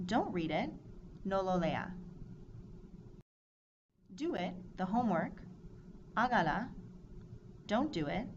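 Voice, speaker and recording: A woman teaching a Spanish grammar lesson, explaining clearly and drilling verb forms in a measured, scripted way. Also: medium pitch, sing-song. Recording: dull lo-fi recording with audible noise.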